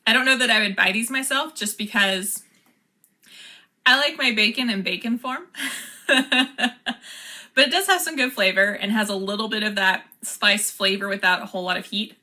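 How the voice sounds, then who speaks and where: A woman vlogger with a medium-pitched, bright, forceful voice talks at normal speed. She chats casually while unboxing and taste-testing snacks, laughing often and reading the product cards aloud.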